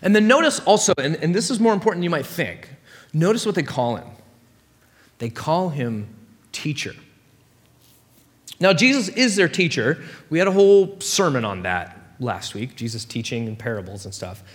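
Animated preacher in a reverberant hall. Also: male voice, fairly high pitch, moderate pace. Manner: casual, animated storytelling with playful asides. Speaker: pastor. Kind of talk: sermon.

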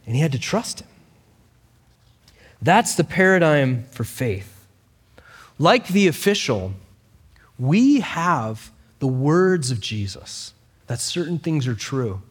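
Animated preaching man in a reverberant hall. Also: medium pitch, slow pace, long pauses, husky. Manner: animated storytelling with frequent fillers. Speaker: pastor. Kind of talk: sermon.

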